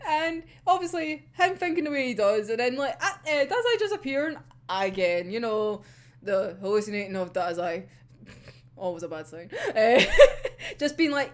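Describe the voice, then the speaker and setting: A woman's voice: fairly high pitch, big pitch swings, normal speed. A young adult woman with a Scottish accent, chatting casually about an anime episode, laughing often and swearing freely. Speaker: anime reviewer.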